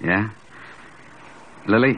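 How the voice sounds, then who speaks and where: An actor playing a guarded, hard-bitten small-time gangster who talks in curt, deadpan slang, in 1940s radio acting. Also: male voice, extremely slow, slight background noise. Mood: gruff. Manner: slangy tough-guy talk, curt and deadpan. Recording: muffled old radio broadcast.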